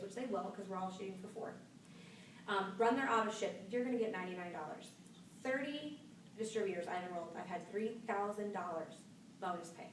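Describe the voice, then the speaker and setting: Upbeat woman trainer telling stories to a group, heard from across an echoey noisy room. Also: medium pitch. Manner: chatty, storytelling, upbeat. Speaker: sales trainer. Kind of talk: live training talk. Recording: echoey room from far off with noise.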